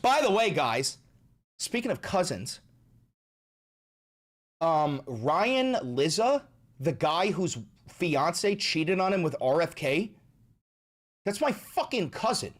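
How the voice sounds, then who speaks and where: Profane, animated male livestreamer. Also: on the high side, slow pace, long pauses. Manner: profane, emphatic, repeats himself. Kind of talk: casual livestream chat, reading chat.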